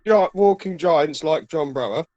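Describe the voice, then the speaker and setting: A man's voice: a little high, unhurried, dark tone, muffled recording. A man co-hosting a podcast in casual, rambling chat, swearing freely and laughing often. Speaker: podcast co-host.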